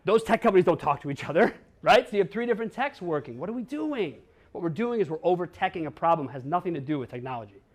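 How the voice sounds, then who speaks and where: This man from Wisconsin talks fast in a high voice with big pitch swings. He's the speaker at a keynote in a conference hall, where he's blunt, jokes with the audience, and curses now and then.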